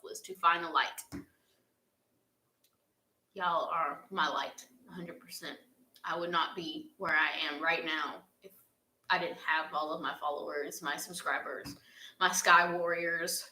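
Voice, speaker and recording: Bright-voiced young woman, heartfelt chat. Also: fairly low pitch. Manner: earnest, heartfelt, chatty with laughs. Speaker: YouTuber answering fan questions. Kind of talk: casual chat. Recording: echoey room.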